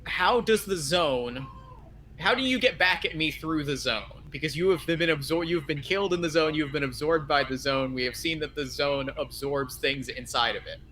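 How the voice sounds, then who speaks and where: A man with a bright, forceful voice plays along in a tabletop role-playing game. He keeps chiming in with short, encouraging replies, over a faint hiss of background noise. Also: on the high side. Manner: quick, encouraging affirmations. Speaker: game guest player. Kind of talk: casual tabletop role-play.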